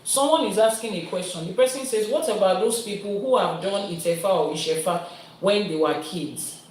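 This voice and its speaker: A woman's voice: mid-range voice, moderate pace, darkish tone. A Nigerian woman, an Ifa priestess, patiently explains and answers viewer questions in a live-streamed teaching, building her points through everyday analogies. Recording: very echoey room, voice from a distance.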